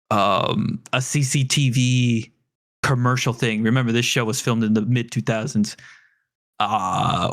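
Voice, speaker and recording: Lively laughing male podcast co-host. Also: medium pitch. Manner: animated, laughs often, self-deprecating. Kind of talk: casual chat.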